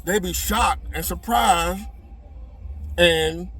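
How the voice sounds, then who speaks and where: A man's voice: sits high, extremely slow, pushed and bright, husky. A middle-aged man, telling a relationship story to his viewers in a folksy, drawling way. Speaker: relationship advice video host. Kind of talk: casual storytelling monologue. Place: inside a parked car.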